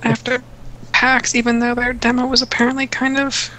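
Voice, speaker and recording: A woman's voice: on the high side, little pitch movement, moderate pace, pushed and bright, low-quality recording. A woman co-hosting a gaming stream, chatting casually with dry, blunt, unimpressed remarks. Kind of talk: casual chat.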